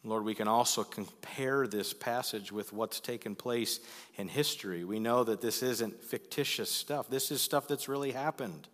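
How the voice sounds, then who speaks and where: A male pastor delivers an earnest, pleading sermon in a bright, clear voice at mid pitch. His words ring out with a long reverb through a church sanctuary. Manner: earnest, pleading, builds to loud emphasis.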